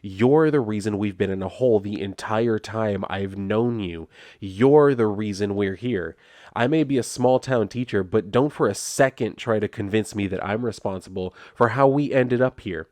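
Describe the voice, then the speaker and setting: A man's voice: lowish voice, moderate pace, a little mellow, dry recording, close to an everyday voice. A man reading as a fed-up woman teacher. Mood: bitter. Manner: firm, confrontational. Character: determined woman schoolteacher fed up with husband.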